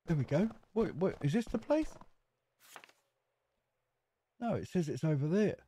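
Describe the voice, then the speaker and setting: A man with a fairly high, mellow voice speaks a little slowly, his pitch swinging widely, over slight background noise. He's a gameplay commentator giving a casual let's-play of a survival game, chatty and cheeky, with jokes for the game characters.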